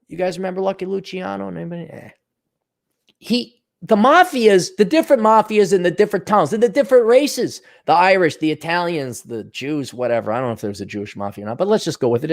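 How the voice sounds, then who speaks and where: This solo podcast host has a higher-pitched, creaky voice with a darkish tone. He reads out donations from listeners and rants sarcastically with plenty of profanity, throwing in mocking impressions on the side.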